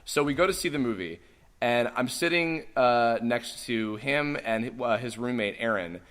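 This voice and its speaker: A man's voice: medium pitch, measured pace. A man hosting a podcast, telling a story casually with lots of swearing and acted-out quotes. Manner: animated, swearing, acts out quoted voices. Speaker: podcast host.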